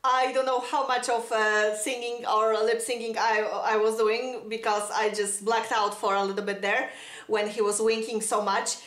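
High-voiced giggly woman gushing in a reaction vlog. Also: flat delivery, normal speed, fairly bright tone, echoey room. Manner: gushing, breathless, giggly, lots of exclamations. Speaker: vlogger reacting to a music video. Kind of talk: excited fan reaction vlog.

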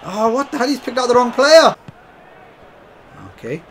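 A man giving excitable, chatty commentary over a football video game, often calling to his viewers as lads. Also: extremely high pitch, normal speed, slight background noise. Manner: chatty, keeps calling viewers lads, bursts into shouts and laughs. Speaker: gaming YouTuber.

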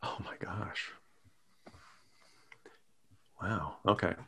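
A middle-aged man, a guest actor, playing around with silly accents and laughing often in a relaxed improv chat. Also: low-pitched, measured pace.

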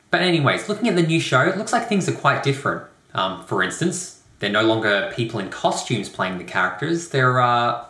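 A young man hosting a comedic rant video, talking with sarcastic, deadpan asides. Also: mid-range voice, moderate pace. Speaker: YouTube host. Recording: roomy echo.

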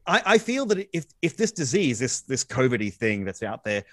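A man on a podcast as a guest, explaining science with excitable energy and quick restarts. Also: mid-range voice, no room sound. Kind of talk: animated conversational explaining.

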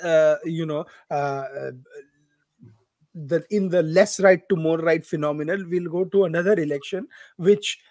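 A man's voice: high voice, darkish tone, no echo. A man hosting a podcast, casually walking through election numbers with joking asides. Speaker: podcast host. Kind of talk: casual political discussion.

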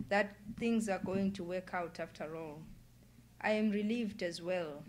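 A woman author reads from her own novel at an indoor public event. She sets each phrase down in a measured, deliberate way, her voice low in pitch. A faint room ambience sits behind her. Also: a little hiss or hum. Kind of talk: literary reading.

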